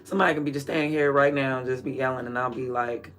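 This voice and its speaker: A man's voice: mid-range voice, steady tone, fast talker, fairly bright tone, soft background music. A man chatting casually and candidly in a rambling, slangy way while watering plants. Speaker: vlogger.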